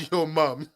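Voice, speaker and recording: A man with an English accent chatting with his live-stream viewers, excitable and quick to swear and laugh. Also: fairly high pitch. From England. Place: at home.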